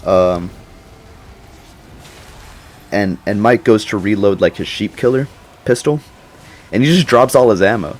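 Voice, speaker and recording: A man's voice: fairly low pitch, a little slow, pauses often. Slangy young man rambling about a movie. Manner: slangy, rambling, laughs often. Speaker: YouTuber. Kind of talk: casual movie reaction commentary.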